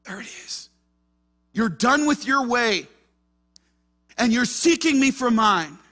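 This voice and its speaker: Male pastor, impassioned sermon delivery, high bright voice, hushed to fervent. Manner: impassioned preaching, swings between hushed and loud.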